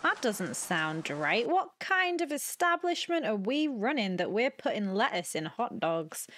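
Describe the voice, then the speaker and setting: A woman's voice: mid-range voice, sing-song, a little slow, fairly bright tone, slight background noise. Woman gaming host, flustered play-along commentary, chatty, panicky asides. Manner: flustered, chatty, talks to game characters.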